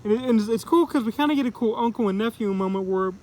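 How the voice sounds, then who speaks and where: A man's voice: high voice, fast, a little mellow, rough recording. A man giving a casual, rambling comic book review, full of "like" and "kinda". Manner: rambling, heavy use of "like" and "kinda".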